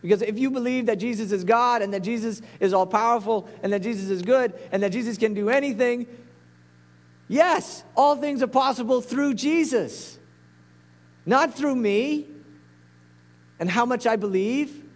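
A man's voice: very high-pitched, moderate pace, vocal fry. A man preaching a sermon as a pastor, earnest and pleading, building to intense peaks.

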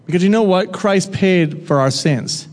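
A preacher gives a sermon in a slightly raised voice, addressing the room as if chatting with it, putting questions to the crowd and teasing them now and then. He's unhurried and a little mellow. A long reverb makes his voice ring out as in a large hall.

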